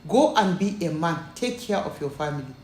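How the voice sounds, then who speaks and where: Steady heiress, measured and icy, put on by a woman narrator; room echo. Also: fairly low pitch, slight background noise, close to an everyday voice. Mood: firm. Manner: firm, measured, cool. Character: wealthy young Nigerian woman, calm and firm.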